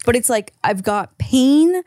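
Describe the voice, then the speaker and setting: Woman on a podcast, kinda high voice, super chatty, says like a lot, swears. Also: animated, a little slow, mellow, dry recording, clean studio sound. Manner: chatty, swears freely, lots of "like". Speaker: podcast co-host. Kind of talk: casual podcast chat.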